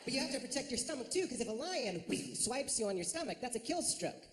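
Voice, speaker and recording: A man performing a stand-up routine on a theater stage, lively and jumping into high silly voices. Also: fast talker. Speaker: stand-up comedian. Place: large ornate theater stage. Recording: reverberant theater with audience noise.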